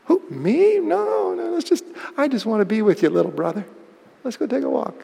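A preacher voicing a sneering, evasive young man in a high, mocking singsong. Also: sing-song, normal speed, creaky, mellow, husky, long reverb tail, full character voice. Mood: wheedling.

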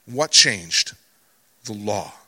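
A middle-aged Christian advocacy speaker addresses a church congregation in a fairly low, animated voice that is very slow, bright, and forceful. He talks conversationally, telling anecdotes and asking rhetorical questions, and the recording carries a long hall reverb.

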